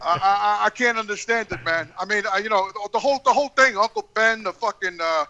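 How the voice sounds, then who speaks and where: A man's voice: sits high, brisk, sharp tone, dull audio. A man ranting in casual chat on a podcast call, profane, rambling and heated. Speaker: regular podcast guest. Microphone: video call.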